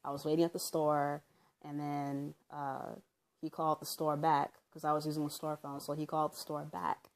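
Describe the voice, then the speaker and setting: A woman's voice: sits low, level tone, moderate pace. A woman at home recounting her own story in a casual vlog, rambling with lots of fillers and acting out what people said. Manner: rambling, with many fillers like um and you know; loosely reenacts what people said as she tells it.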